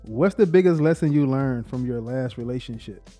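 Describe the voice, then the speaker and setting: A man's voice: mid-range voice, expressive, normal speed, warm tone, faint music behind. A young man co-hosting a casual podcast with his partner, laid-back and laughing, with a Black way of talking. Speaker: podcast co-host. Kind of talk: casual couple chat.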